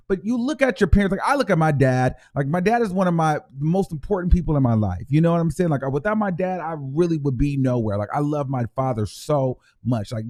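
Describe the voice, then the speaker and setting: A man's voice: on the high side, darkish tone. A man hosting his own vlog, talking in a rambling, emotional way, full of fillers and restarts. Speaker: show host. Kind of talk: casual vlog commentary.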